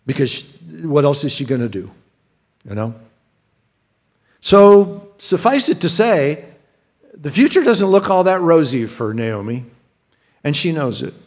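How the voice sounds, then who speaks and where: A man preaching a sermon in a chatty, unpolished way, his voice sitting a little higher than most men's. He stumbles over and repeats words as he restarts his sentences. He turns often to speak straight to the congregation. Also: sing-song, unhurried, pauses often, darkish tone. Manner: conversational, frequent word repeats and restarts; addresses the congregation directly. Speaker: pastor.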